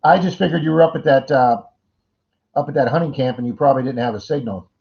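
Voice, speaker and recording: A man's voice: medium pitch, fast talker, vocal fry. A middle-aged man hosting a casual livestream chat, greeting viewers by name and rambling through jokey asides. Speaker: livestream host. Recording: dull lo-fi stream audio.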